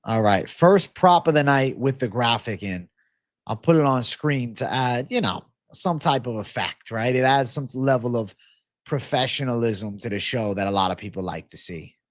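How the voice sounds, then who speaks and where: A man's voice: mid-range voice, lively intonation, normal speed, no room sound, studio quality. A man hosting a live betting-picks stream, rambling and swearing freely, prone to angry rants. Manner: profane, rambling, flares into ranting. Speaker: livestream host.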